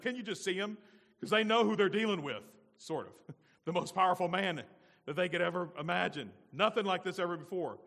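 A male pastor preaching a sermon, lively and quizzing his congregation with questions. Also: high-pitched, brisk, creaky. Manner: animated, asks the congregation questions. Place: church. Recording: long church reverb.

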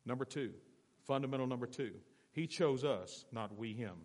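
A man preaching a sermon to his church, asking the congregation questions and swinging between quiet and loud passages. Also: mid-range voice, moderate pace, in a large hall. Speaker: pastor. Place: church sanctuary.

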